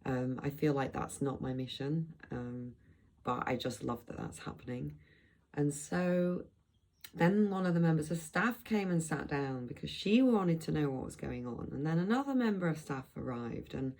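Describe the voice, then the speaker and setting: A woman's voice: deep voice, gravelly, dark tone, rough recording. A middle-aged woman from Blackpool, chatting in a loose, rambling vlog with frequent restarts and asides. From England, Blackpool. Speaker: vlogger. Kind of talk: rambling travel vlog chat.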